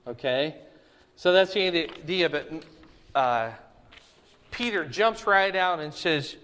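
A man's voice: a little high, very animated, measured pace, a bit bright, in a large hall. A man teaching a Bible study in a conversational way, often checking in with his listeners with "right?" and "okay?".

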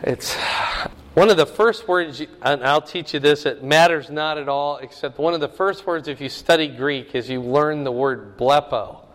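A man's voice: fairly high pitch, normal speed, in a large hall. A man preaching a sermon, teaching the meaning of Greek words with rising emphasis. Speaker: pastor.

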